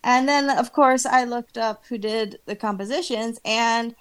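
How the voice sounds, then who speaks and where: A middle-aged woman co-hosting a podcast in casual chat, animated and laughing often as she acts out her own reactions. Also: a little high, unhurried, clear, resonant tone. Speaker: podcast co-host.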